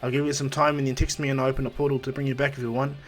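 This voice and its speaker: A man's voice: mid-range voice, level tone, racing, faint music behind, lightly acted. A man voicing a breezy teen boy superhero. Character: cheerful confident teenage boy superhero.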